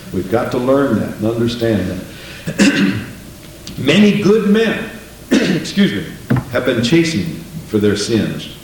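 A man's voice: medium pitch, a little mellow, a little hiss or hum. A man preaching a folksy, conversational sermon to his church, asking the congregation questions as he goes. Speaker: pastor. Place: church sanctuary. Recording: echoey church room from a distance.

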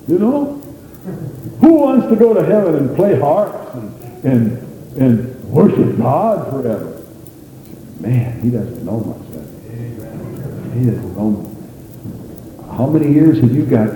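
Animated man preaching in an echoey hall. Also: mid-range voice. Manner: animated, folksy, exclaiming. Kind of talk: sermon. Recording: echoey hall with faint noise.

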